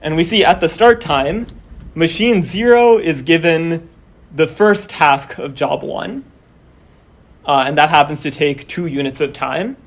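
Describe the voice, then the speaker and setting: Casual young male lecturer, somewhat high voice. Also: animated, unhurried. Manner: casual, explains step by step with many fillers. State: losing his voice. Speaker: course instructor. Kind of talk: university lecture. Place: classroom.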